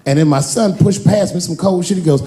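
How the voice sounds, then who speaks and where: A man in his forties performing a stand-up comedy set on stage, telling a long story and jumping into high-pitched voices for the characters. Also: fairly quick, mellow. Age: 40s. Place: large theater stage with a live audience.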